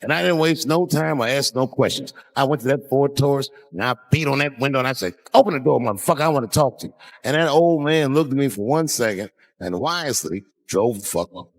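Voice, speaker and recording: A man's voice: mid-range voice, fairly quick, few pauses. A man telling a long, profane story on stage as a stand-up comedian.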